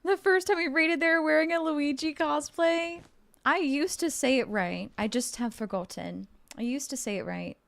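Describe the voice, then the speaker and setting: A woman game streamer chatting casually with her viewers while playing, bubbly and excitable, playful and joking. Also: high voice, moderate pace, vocal fry. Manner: bubbly and excitable, with gasps and giggles; playful, jokes and role-plays as a mermaid.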